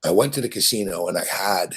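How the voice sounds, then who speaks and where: A deep, husky man from Montreal hosting a show. He tells a rambling, profane story and keeps circling back to repeat himself. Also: lively intonation, quick pace, a bit bright. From Montreal, Canada. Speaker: host.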